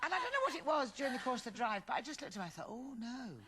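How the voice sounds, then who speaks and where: A woman who is an actress, sitting on a chat show panel and telling an anecdote in an animated, theatrical way. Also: high-pitched, very fast, heavy background noise. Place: TV studio.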